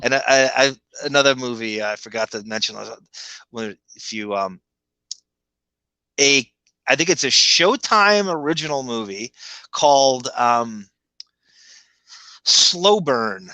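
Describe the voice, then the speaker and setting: This man speaks with a Long Island accent and a bright, forceful tone as he co-hosts a podcast. He rambles along and chuckles as he goes. His voice is recorded dry and close, with no room echo. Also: medium pitch, lively intonation. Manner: rambling, chuckling, slips into quick impressions. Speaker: podcast co-host. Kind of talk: casual commentary chat.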